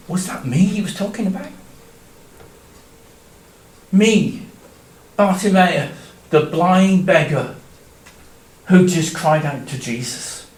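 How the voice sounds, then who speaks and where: A man telling a Bible story in the first person in a church, dramatic, swinging from loud cries to hushed tones. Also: high-pitched, slow, long pauses. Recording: echoey church room, distant mic.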